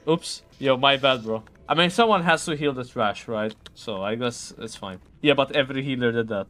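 A man's voice: mid-range voice, moderate pace, a bit bright. A man streaming a raid, chatting casually, swearing and saying bro all the time. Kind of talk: casual gaming chat.

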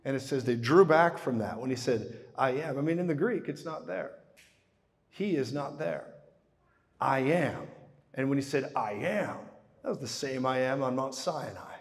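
A male preacher delivering a live sermon with a mid-range voice, telling the story with animation. He drops to hushed tones, then booms. His voice rings with long reverb through a large hall. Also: lively intonation, normal speed, gravelly.

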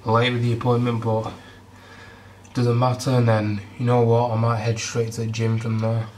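A man's voice: mid-range voice, monotone, normal speed. A young man chatting casually in a home vlog, eating as he talks, sounding congested from a cold. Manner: chatty, rambling, eats while talking. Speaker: fitness vlogger. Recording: distant camera mic, noisy room.

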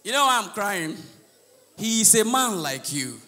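A Nigerian man with a Nigerian accent doing live stand-up comedy, shouting his punchlines and slipping into Pidgin. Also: high-pitched, very animated, measured pace, big-room sound, noisy background. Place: large live comedy venue with audience.

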